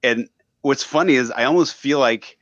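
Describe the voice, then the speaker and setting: A man's voice: mid-range voice, moderate pace, fairly bright tone, dry recording, dull audio. A man, a radio host appearing as a podcast guest, talking thoughtfully in casual conversation and hedging often with fillers.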